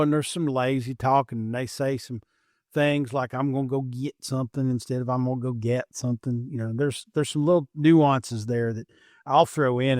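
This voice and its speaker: A middle-aged man with a light Kentucky twang hosts a podcast in a dry, close-sounding setting. He talks in an easygoing, rambling way and pokes fun at himself. His voice sits at an ordinary middle pitch. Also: no room sound. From Appalachian Kentucky. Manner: relaxed, rambling, self-deprecating. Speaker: podcast host. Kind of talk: casual podcast chat.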